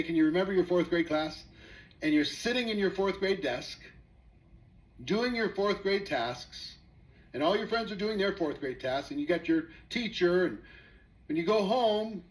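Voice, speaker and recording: A network marketing presenter gives a motivational talk, telling a story and putting rhetorical questions to his audience. His voice is high-pitched and expressive at a moderate pace, and the recording is rough.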